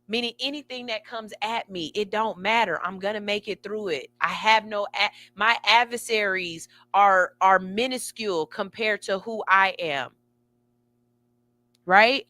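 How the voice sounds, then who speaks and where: Bright, dry-voiced sassy woman host. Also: medium pitch, unhurried, dry recording. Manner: emphatic, sassy, building excitement. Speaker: radio show host. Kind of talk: motivational talk.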